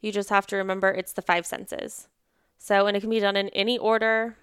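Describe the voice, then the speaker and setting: A woman's voice: mid-range voice, level tone, a little fast, a bit bright, clear, resonant tone, no echo, clean studio sound. A woman therapist chatting on a podcast, full of "like" fillers, acting out what clients say and laughing often. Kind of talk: casual podcast conversation.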